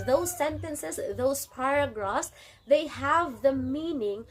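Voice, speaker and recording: A woman teaching a grammar lesson to a class, repeating and restarting phrases as she explains. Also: high voice.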